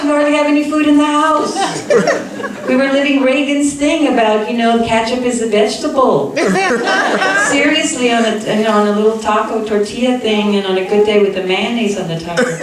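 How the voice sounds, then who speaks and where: A woman from South Texas telling a personal story to a live audience as host, animated and acting out other people's voices. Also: a little high. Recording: echoey live room from a distant mic.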